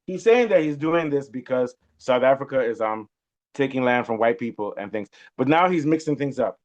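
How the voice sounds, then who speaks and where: A man's voice: mid-range voice, animated, normal speed. A man hosting a political discussion, emphatic and opinionated, often turning to his guest with rhetorical questions. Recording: muffled lo-fi sound.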